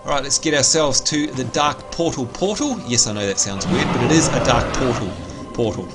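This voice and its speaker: A man livestreaming a video game, chatting casually, reading out viewer messages and giving shout-outs, with excitable bursts while he plays. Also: medium pitch, moderate pace, loud music behind the voice.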